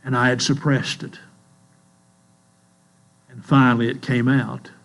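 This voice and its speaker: An older man preaches in a church, telling his stories slowly and earnestly. His voice sits at an ordinary middle pitch. A faint mains hum runs under the recording. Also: little pitch movement, vocal fry, a bit bright. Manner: slow, earnest storytelling. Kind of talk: sermon.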